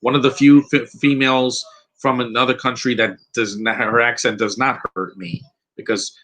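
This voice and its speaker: A man's voice: medium pitch, level tone, normal speed, a bit bright, low-quality recording. A man giving a rambling, opinionated live commentary over a film, restarting his sentences often. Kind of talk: casual live movie commentary.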